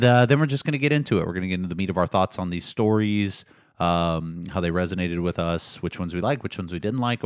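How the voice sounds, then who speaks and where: A man's voice: deep voice, no room sound, clean studio sound. A man co-hosting a book podcast, chatting casually in a joking, rambling way. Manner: joking, rambling, self-interrupting. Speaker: podcast co-host. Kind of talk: casual chat.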